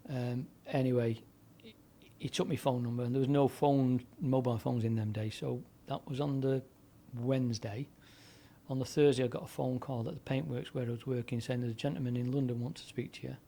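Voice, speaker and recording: This is a seventy-something man, a former DJ, spinning his life story for a podcast interviewer. His voice sits in a mellow, dark register at an ordinary pitch. He wanders through anecdotes with fillers and restarts. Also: fairly even intonation, a little fast, vocal fry. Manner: rambling anecdotal delivery with frequent fillers and restarts. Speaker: guest, former DJ and broadcaster. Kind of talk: conversational storytelling.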